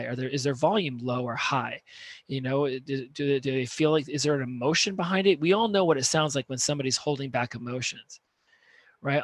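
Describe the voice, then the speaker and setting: A man gives a conversational lesson on communication, checking in with the listener now and then. His voice sits in an ordinary middle pitch. It is recorded close up, with a dry, dead sound. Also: no room sound. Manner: conversational, peppers points with "right?". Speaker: communication coach. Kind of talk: instructional talk to camera.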